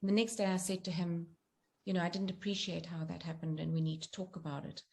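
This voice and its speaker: Middle-aged woman with a gravelly low-ish voice, earnest and gentle, talking it through in an interview. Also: level tone, fast talker. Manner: gentle, earnest, explains with examples. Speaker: guest author and coach. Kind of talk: reflective interview talk.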